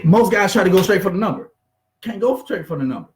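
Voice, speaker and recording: A man giving an energetic, conversational motivational business talk, acting out bits of small talk. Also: high voice, fast, reverberant. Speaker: business coach.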